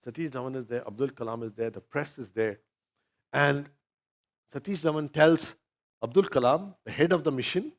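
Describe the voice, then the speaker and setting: A man's voice: fairly high pitch, normal speed. A man with an Indian English accent preaching a sermon, telling personal stories and speaking directly to the congregation. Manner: storytelling, addressing the congregation directly. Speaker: pastor.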